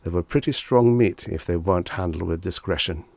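A man narrating a vintage short story as an audiobook reader, in a steady storytelling manner. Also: deep voice, a little fast, creaky, no echo.

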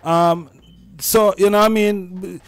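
A man interviews slowly and carefully, his questions broken by pauses and restarts. His voice sits somewhat high, and the sound is dry and close. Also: fairly even intonation, clear, resonant tone, no room sound. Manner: halting, many "um"s and restarts. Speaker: interviewer, host.

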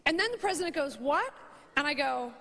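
Bright high-voiced woman telling stage stories. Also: a little fast. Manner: rambling, animated, self-mocking, acts out quotes. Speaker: stand-up comedian. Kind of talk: stand-up storytelling. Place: stage before a live audience. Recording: audience laughter and faint noise.

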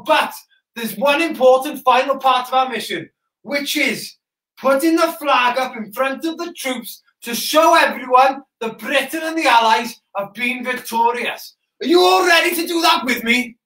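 In a roomy, echoing space, a Welsh man with a very high-pitched voice hosts an interactive live children's show in the role of a soldier, chatty, shouty and excitable with viewers.

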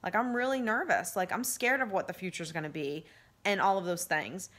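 A woman life coach giving casual self-help advice to camera, earnest and gently coaching, with lots of fillers. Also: on the low side, a little fast. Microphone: handheld phone camera.

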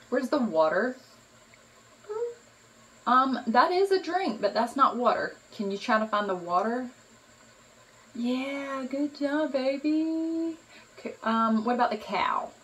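Sing-song mother talking slowly to a baby. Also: fairly high pitch, fairly bright tone, far from the mic, low-quality recording. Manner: slow, sing-song and encouraging. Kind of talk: playful talk to a baby.

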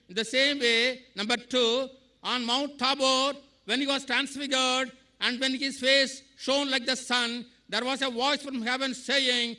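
A man's voice: very high-pitched, fairly even intonation, normal speed, pushed and bright. A man in the audience asking a long question at a public lecture, earnestly quoting verses and numbering his points. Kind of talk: formal question quoting scripture at length. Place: audience floor of a lecture hall.

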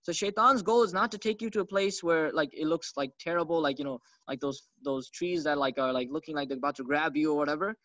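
Fast-talking man giving a conversational lecture. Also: a little high, a bit bright, no echo. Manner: conversational, rhetorical questions with "okay?" and "right?". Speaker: Islamic teacher. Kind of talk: religious lecture. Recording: dull, slightly lo-fi dry recording.

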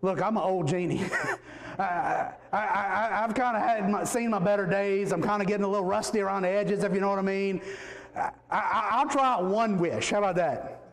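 A man's voice: sits high, normal speed. A man preaching a sermon, voicing a decrepit old male genie who is rusty and weary and bargains over wishes. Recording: echoey church hall reverb.

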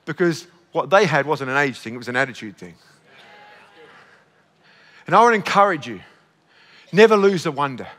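A man in his fifties preaching a sermon as pastor, exclaiming, breaking into shouts and laughing at himself. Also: on the high side, very animated, normal speed, pauses often. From Australia. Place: church auditorium. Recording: long church hall reverb.

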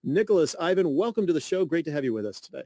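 A man's voice: fairly high pitch, big pitch swings, rapid-fire, dark tone. A man hosting a radio interview, welcoming guests and asking long, friendly questions. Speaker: radio host.

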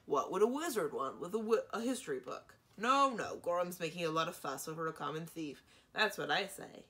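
A woman's voice: on the low side, animated, brisk, bright, forceful tone. A woman voicing a sarcastic, bored male dragon who mutters dryly in a storybook reading.

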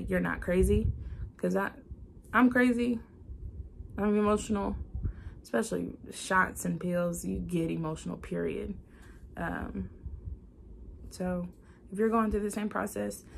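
A young woman records a heartfelt video diary, speaking slowly and earnestly with plenty of pauses and restarts. Her voice has a gravelly, creaky texture, and a faint ambient hiss sits beneath it. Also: mid-range voice, darkish tone. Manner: earnest, confiding, many fillers and restarts.

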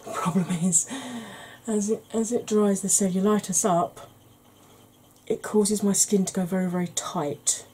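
Tired, mellow woman, ASMR makeup chat. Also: mid-range voice, steady tone, a little slow, slight background noise, rough recording. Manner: chatty, rambling, wry humour. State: tired from lack of sleep. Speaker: beauty channel host. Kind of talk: soft-spoken ASMR makeup tutorial.

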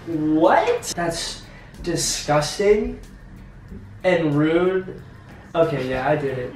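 A man doing improvised comedy bits with strangers, goofy and deadpan with absurd jokes. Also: fairly high pitch, drawn-out words, pauses often, reverberant, recorded from a distance, faint music behind.

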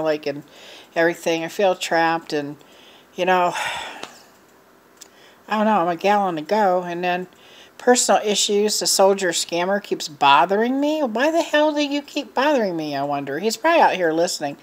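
A middle-aged woman vlogging to her viewers in a rambling, frustrated, venting way, with a low voice. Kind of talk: casual chat to camera.

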